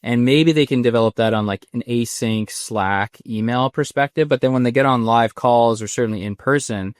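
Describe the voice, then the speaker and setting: A man's voice: mid-range voice, normal speed, clean tone, dry recording, studio quality. A man in his thirties hosting a podcast interview, chatty and rambling, with many restarts in his questions. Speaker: podcast host. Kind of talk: conversational interview.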